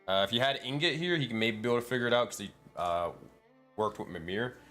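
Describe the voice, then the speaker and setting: A man runs a tabletop game over voice chat, his mid-range voice tumbling through stammers and restarts as he explains. He laughs often between thoughts. Soft music plays faintly under him. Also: medium pitch, fast talker. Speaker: game master.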